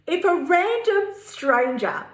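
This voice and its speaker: A woman's voice: very high voice, sing-song, slow pace. A woman hosting her own podcast, chatty and frank, with slang and swearing. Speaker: podcast host. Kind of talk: energetic solo podcast talk. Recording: roomy echo.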